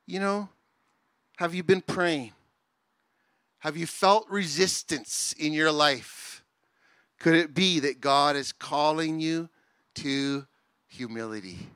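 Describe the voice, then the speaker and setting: Bright-voiced impassioned male pastor. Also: on the high side, slow pace, long pauses, clean tone, no echo. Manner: impassioned, swings from soft to loud rising appeals. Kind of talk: sermon.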